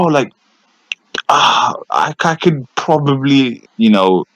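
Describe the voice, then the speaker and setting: A young man, chatting on a podcast in a rambling, animated way, full of fillers and restarts. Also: mid-range voice, takes it slowly, no room sound, rough recording. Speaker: podcast co-host. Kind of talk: casual chat.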